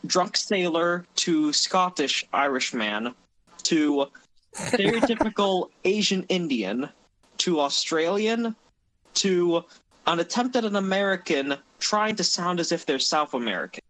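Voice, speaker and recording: Rambling young man, a bit high-pitched. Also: lively intonation, measured pace, fairly bright tone, rough recording. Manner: rambling, laughing storyteller with frequent restarts. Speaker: mod developer and podcast host. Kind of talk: casual podcast storytelling.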